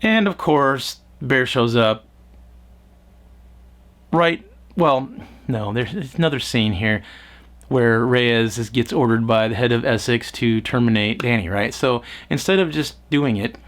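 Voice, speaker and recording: A man's voice: medium pitch, unhurried, a bit bright. A man reviewing a film in casual talk, rambling and sarcastic, with exasperated asides and a little swearing. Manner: profane, mocking quoted voices. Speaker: movie reviewer.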